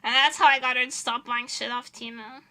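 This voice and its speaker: Bright high-voiced young woman streamer. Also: fairly even intonation, fairly quick. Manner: chatty storytelling, laughing often, dramatic retellings. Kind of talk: casual chat while doing nail art.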